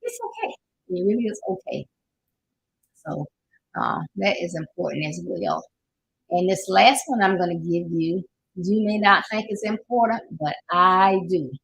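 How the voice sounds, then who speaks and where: A woman's voice: on the low side, measured pace, creaky, a bit bright, husky, poor audio. An older woman with a Southern US accent, hosting a casual motivational talk, folksy and preachy, sometimes laughing as she talks. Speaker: life coach host.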